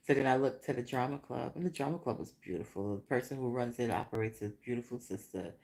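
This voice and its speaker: A woman hosting a casual vlog-style podcast, telling a rambling, animated story with repeated questions. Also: rumbling low, fast. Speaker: podcast host.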